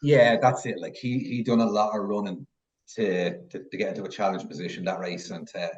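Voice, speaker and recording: A man weighing up horses in relaxed podcast chat. His voice is fairly low and comes through slightly dull and muffled. He hesitates often and fills the gaps with ums. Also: fairly quick. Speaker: podcast panelist, French racing pundit. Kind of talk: casual betting chat.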